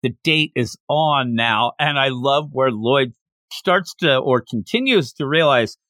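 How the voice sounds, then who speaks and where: A man hosting a podcast, recapping a manga chapter in a casual, animated way and acting out the characters' lines. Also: medium pitch, measured pace, no room sound, clean studio sound. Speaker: podcast host.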